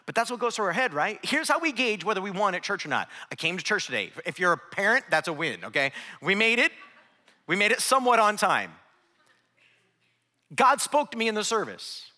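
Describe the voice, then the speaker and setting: High, bright-voiced joking pastor. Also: male voice, a little fast. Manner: humorous, animated storytelling with crowd asides. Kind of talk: sermon. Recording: long reverb of a large hall.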